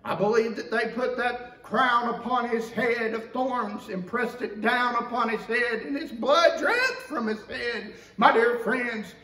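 High-voiced impassioned male preacher, echoey church. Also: pushed and bright. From Georgia, USA. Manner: impassioned preaching with big swings of pitch and volume. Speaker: pastor. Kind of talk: sermon. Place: church sanctuary. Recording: echoey church from the mic's distance.

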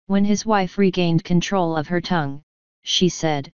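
Lady reading an audiobook, smooth clear voice, kinda muffled sound. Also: fairly low pitch, normal speed, darkish tone, no echo. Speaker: audiobook narrator. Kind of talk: scripted narration. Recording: dull lo-fi sound.

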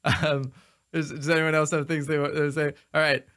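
Playful male streamer, singing high. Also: little pitch movement, normal speed. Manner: playful, rambling, breaks into silly high singing. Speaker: livestream host. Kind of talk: casual livestream chat with improvised singing. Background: loud music.

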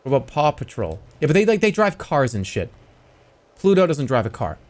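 A man's voice: a little high, brisk. A man streaming casually, arguing playfully with his chat. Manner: argumentative, animated banter with chat. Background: faint music.

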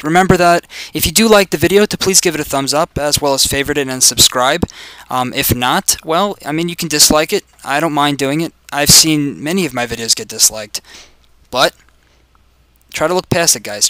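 Young man, gaming commentary, foul-mouthed, mocking, bright clear voice, dry close sound. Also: fairly high pitch, brisk, no room sound, rough recording. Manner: swearing, jokey and mocking, swings between loud excitement and mumbling. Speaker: video game commentator. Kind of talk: casual gameplay commentary.

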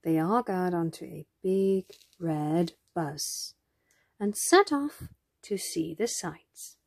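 A woman reading a children's picture book aloud in a gentle, expressive storytelling manner. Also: on the low side, slow pace, creaky, no echo, studio quality. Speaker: storybook reader.

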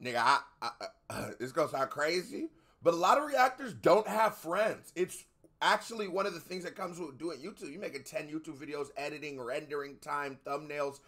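An American man in casual commentary as a reaction video host, animated and loose with swearing. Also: a little high, normal speed. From United States. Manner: animated, swearing, talks over the track.

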